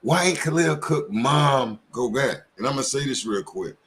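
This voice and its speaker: A man's voice: mid-range voice, lively intonation, normal speed, a bit bright. A man giving heated commentary as a show host, firing off rhetorical questions.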